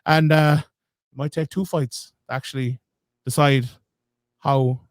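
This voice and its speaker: A man's voice: medium pitch, fairly even intonation, takes it slowly, no echo, studio quality. A man co-hosting a podcast, chatting through fight predictions and thinking aloud with frequent restarts. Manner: thoughtful, restarts and hedges as he reasons aloud. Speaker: podcast co-host. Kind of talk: casual sports analysis chat.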